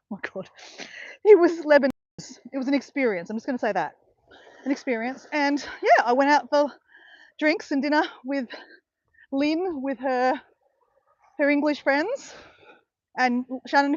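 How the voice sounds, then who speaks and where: A woman's voice: high voice, no echo, muffled recording. Chatty Australian woman on a beach walk. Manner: chatty, rambling, self-correcting. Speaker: vlogger streaming live. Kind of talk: casual live-stream chat while walking. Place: outdoors on a beach.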